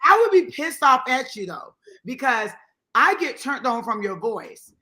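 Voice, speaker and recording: A woman's voice: sits high, sing-song, unhurried, a loud crowd. A woman talking as a podcast guest, blunt and teasing, with lots of swearing. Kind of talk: casual chat.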